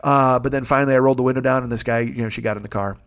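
A man's voice: mid-range voice, fairly even intonation, racing, smooth. A man hosting his own show in a casual comic monologue, rambling and profane with a wry tone. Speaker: podcast host.

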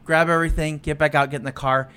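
Animated man telling stories. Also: fairly high pitch, quick pace, clear, resonant tone. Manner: animated storytelling, swearing, acts out quotes loudly. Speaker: podcast co-host. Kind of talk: casual chat.

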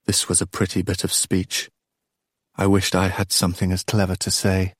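A man reading a first-person novel aloud in a measured, quiet, even way. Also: low-pitched, husky, dry recording, studio quality. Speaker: audiobook narrator. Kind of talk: scripted first-person narration.

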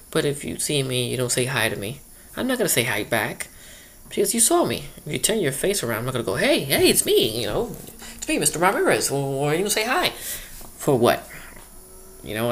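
A man's voice: mid-range voice, a little hiss or hum. A man doing a rambling comedic monologue, full of loose asides and repeated "you know".

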